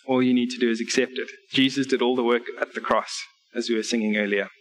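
Male preacher in a church service, delivering an earnest sermon with scripture readings and clear numbered points. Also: mid-range voice, fairly even intonation, quick pace, rough recording. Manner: earnest, direct appeals to listeners.

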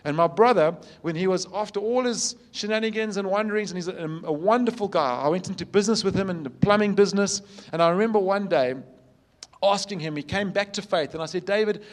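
A man, a pastor, preaching a sermon with earnest storytelling, emphatic repetition, and shifts between loud emphasis and soft, quiet passages. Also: high voice, a little fast.

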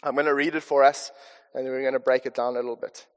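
A man's voice: medium pitch, steady tone, fast. A man with a South African accent preaching a conversational, earnest sermon with chatty asides, in a church hall. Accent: South African English. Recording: long reverb of a church hall.

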